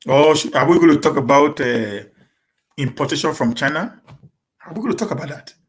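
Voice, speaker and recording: Stammering Nigerian man hosting a live Q&A. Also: on the high side. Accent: Nigerian, with Pidgin English. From Edo State, Nigeria. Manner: stammers, repeating words and restarting; talks fast on purpose to avoid getting stuck. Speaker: live-stream host answering viewers. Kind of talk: casual live-stream Q&A.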